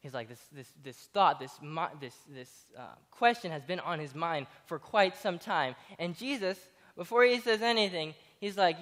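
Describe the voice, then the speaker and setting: A young man delivers a relaxed, joking sermon, his slightly higher voice carrying a long hall echo. He stumbles often, circling back with "uh" and "you know" before landing his point. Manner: halting, with many fillers and restarts, jokey retelling. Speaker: speaker giving a Bible talk. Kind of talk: casual sermon.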